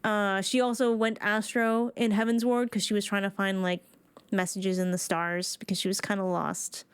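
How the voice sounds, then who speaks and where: A woman's voice: medium pitch, little pitch movement, moderate pace, smooth, dry recording. A woman streamer giving casual, playful commentary on her game, chatty and full of slang and nervous asides.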